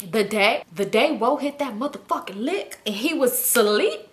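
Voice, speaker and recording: A woman with a slightly high voice tells a personal storytime to her viewers. Her delivery is blunt, heavy on profanity and dramatic emphasis, and it stays casual and conversational throughout. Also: moderate pace, a little hiss or hum. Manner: animated, dramatic delivery with bursts of laughter. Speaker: storytime YouTuber.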